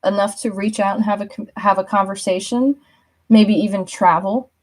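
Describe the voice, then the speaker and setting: A young woman talks through a tarot reading in a loose, chatty way. She fills her sentences with little fillers, laughs freely and slips into quick impressions of the people she describes. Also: mid-range voice, steady tone. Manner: chatty, lots of "like", laughs often, acts out quotes. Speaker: tarot reader. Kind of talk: casual spoken reading.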